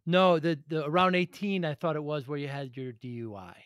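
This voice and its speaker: A man's voice: on the high side, fairly quick, smooth. A man hosts a podcast interview and steers his guest with questions and prompts. His voice is recorded close and dry, with no room echo. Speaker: podcast host.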